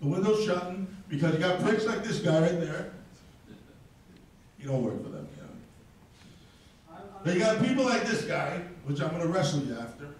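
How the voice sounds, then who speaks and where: A man with a high voice delivers a combative, profane rant to a live audience. He is heard from a distance, and the room rings with heavy echo around every word. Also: expressive, normal speed, long pauses. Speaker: speaker at a crypto event. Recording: very echoey, distant mic in a hall.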